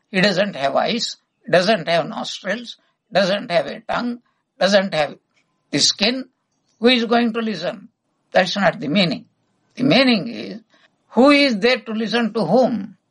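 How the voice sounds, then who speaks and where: A man delivering a spiritual discourse in a gravelly, rough-edged voice. He has a husky, slightly breathy tone. He presses his points with emphatic rhetorical questions. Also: high-pitched, fairly bright tone, low-quality recording. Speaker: spiritual teacher.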